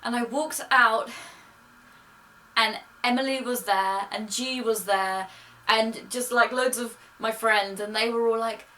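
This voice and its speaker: A woman's voice: fairly high pitch, steady tone, unhurried, pushed and bright. A young woman telling a story in a chatty, gushing way, recorded as a casual vlog. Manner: chatty, gushing, quotes people in her own voice. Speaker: vlogger. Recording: distant mic with faint noise.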